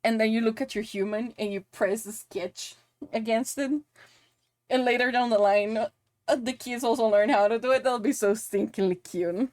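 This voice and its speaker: A woman's voice: fairly high pitch, moderate pace, a little mellow, no echo. A woman with a Spanish accent chatting casually on a live stream while she works, giggly and swearing playfully. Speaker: VTuber streamer and model rigger.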